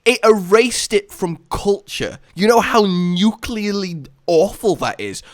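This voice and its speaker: A man hosting a casual gaming commentary with friends, joking and swinging from mumbles to shouts. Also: high voice, expressive, unhurried, no room sound, studio quality. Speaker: let's play host.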